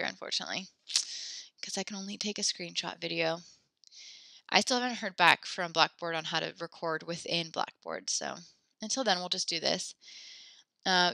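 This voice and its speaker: A young woman teaching French in an online class speaks in a bright, clear voice. She sounds friendly and encouraging, chatting through instructions with plenty of fillers. Her computer mic gives a close, dry sound. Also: on the low side, no echo. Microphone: computer mic in a video class.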